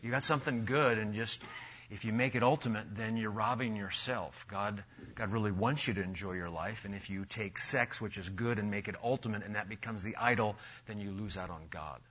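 A man's voice: on the low side, a little fast, fairly bright tone, husky, muffled recording. A man hosting a conversational interview, asking leading questions and steering the talk. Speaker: interview host.

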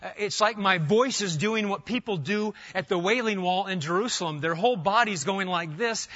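A middle-aged man preaching an expository sermon, emphatic and animated, often restarting his phrases. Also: sits high, normal speed, dull audio. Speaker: pastor.

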